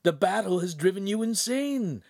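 A man voicing an anxious, exasperated servant in whispered role-play, far higher than his own voice. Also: expressive, slow pace, darkish tone, breathy edge, heavily acted.

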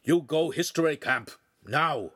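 A man voicing a lazy male canine AI, a floating dog head that talks in broken phrases with a rolling growl and sharp barks. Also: fairly high pitch, lively intonation, a little slow, dry recording, clean studio sound, voice pushed up. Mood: barking.

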